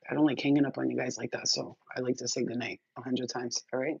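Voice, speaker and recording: A woman's voice: extremely low pitch, flat delivery, fairly quick, creaky, a little mellow, husky. A middle-aged woman vlogging to her viewers in a casual, blunt chat, swearing freely as she talks on. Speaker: spiritual reader and vlogger. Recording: dull lo-fi audio.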